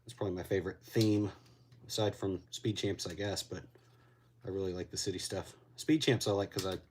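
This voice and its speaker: A man's voice: deep voice, brisk, a little mellow, a little hiss or hum. A man getting over a cold, a little winded, chatting casually to a live-stream audience while he builds. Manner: laid-back, rambling, reacts to chat. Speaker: LEGO builder streaming to chat.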